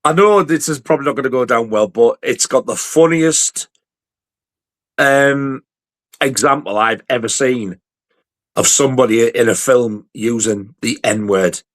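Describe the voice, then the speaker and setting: A man's voice: medium pitch, measured pace. A man chatting casually about films, emphatic and swearing freely. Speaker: podcast guest. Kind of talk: casual film chat.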